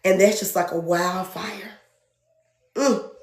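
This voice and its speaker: A woman's voice: medium pitch, fairly even intonation, slow, a little mellow, reverberant, a little hiss or hum. A woman speaking as a podcast guest in an earnest, emotional way, often repeating phrases for emphasis. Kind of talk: passionate spiritual conversation.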